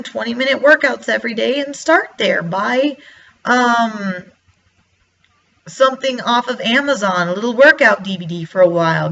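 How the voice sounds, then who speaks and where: A woman talking straight to her viewers in a relaxed, chatty way, her voice bright and forward. She slips into her own past thoughts as she goes. The recording sounds a little dull and lo-fi. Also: fairly high pitch, gravelly. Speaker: vlogger. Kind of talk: casual motivational talk to camera.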